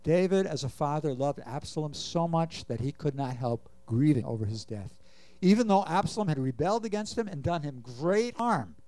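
A man's voice: on the high side, lively intonation, normal speed, dark tone, no echo. A man preaching a sermon, earnestly reading scripture and asking the congregation questions. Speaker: pastor.

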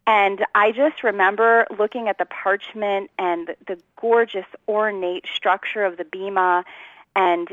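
A woman's voice: mid-range voice, measured pace, dry recording, highs cut off. Woman from New Jersey telling her story. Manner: animated storyteller, laughs often. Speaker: interview guest. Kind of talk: personal testimony, conversational.

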